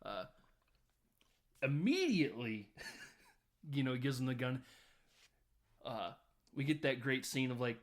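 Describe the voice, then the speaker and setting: A man's voice: medium pitch, big pitch swings, takes it slowly, pauses often. A man co-hosting a film podcast, casually recapping scenes in a loose, rambling way full of fillers. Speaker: podcast co-host.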